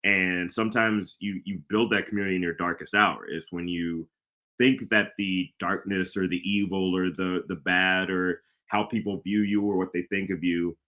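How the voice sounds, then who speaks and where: A man's voice: sits low, steady tone, moderate pace, bright, forceful tone. A man co-hosting a casual podcast chat, earnest and reflective, stammering into emphatic points. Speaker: podcast co-host.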